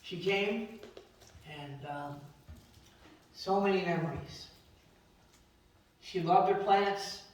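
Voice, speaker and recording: A man's voice: sits high, very slow, long pauses, slight background noise. Man telling family stories in an echoey hall. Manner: rambling family anecdotes, acts out quoted voices. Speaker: eulogy speaker. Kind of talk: memorial eulogy storytelling. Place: memorial service hall. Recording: very echoey hall, distant from mic.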